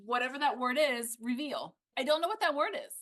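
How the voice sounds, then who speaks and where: A woman co-hosting a podcast, talking casually and animatedly about a book, with quick asides. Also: high voice, a bit bright. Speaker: podcast co-host.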